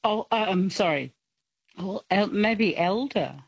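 Slow, hesitant woman caller in her fifties. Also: medium pitch, expressive, husky, no echo, highs cut off. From South Australia. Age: 50s. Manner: hesitant, self-deprecating, giggly. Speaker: radio caller. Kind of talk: casual phone-in chat.

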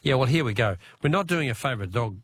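A man with an Australian accent hosting a talkback radio quiz, chatty and quick with asides, laughing easily with callers. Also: mid-range voice, lively intonation, slightly rough.

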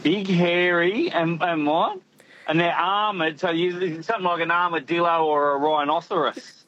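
A man's voice: a little high, steady tone, normal speed, a bit bright, lo-fi sound. A man, calling in to a radio quiz and chatting casually, joking and rhyming as he laughs often. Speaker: caller.

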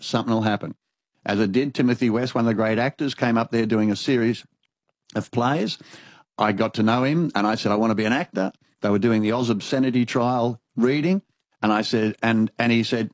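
An older Australian man, an interviewee, telling lively anecdotes and acting out the dialogue in them. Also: mid-range voice, no echo. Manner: animated anecdotal storyteller, acts out dialogue. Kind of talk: storytelling conversation.

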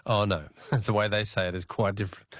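A man with an Australian accent hosting a talkback radio quiz, chatty and quick to laugh with callers. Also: lowish voice, fairly even intonation, no echo, studio quality.

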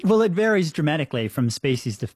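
A man's voice: a little high, very animated, fast, a little mellow, husky, dry recording, studio quality. A man, a scientist answering a radio interviewer with enthusiastic explanations and frequent restarts. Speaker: marine biologist guest.

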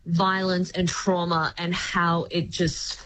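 A woman chatting as a guest critic, explaining shows at length in an articulate, lively way. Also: fairly low pitch, slow, slight background noise, low-quality recording. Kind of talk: casual review chat.

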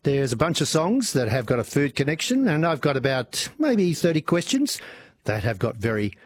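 A man with an Australian accent hosting an evening talk radio show, chatting warmly with listeners and swooping up and down as he talks. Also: on the high side, sing-song, normal speed, husky. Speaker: radio host. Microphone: studio microphone.

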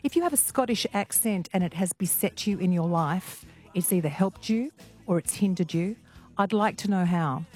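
A woman's voice: mid-range voice, a little mellow. A woman hosting a radio call-in show, chatty and teasing, asking direct questions. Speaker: radio talk show host. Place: radio studio.

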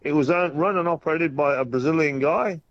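An Australian man calls in to a radio show in a friendly, upbeat manner. His slightly high voice sounds dry and close, but comes through a somewhat dull, muffled phone line. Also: fairly quick, no room sound. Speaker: caller. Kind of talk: casual phone chat.

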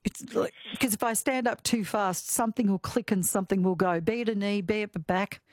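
A woman's voice: medium pitch, a little fast, no room sound. A middle-aged Australian woman hosting a casual radio chat and quiz, chatty, with frequent fillers and easy laughter. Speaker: radio host.

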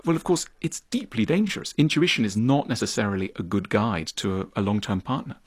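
A man being interviewed as an author, explaining his ideas in conversation, animated and thoughtful, acting out little scenes as he goes. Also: fairly quick, no room sound. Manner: animated, acts out quoted voices with big pitch jumps; thoughtful, explanatory, repeats words when starting a point.

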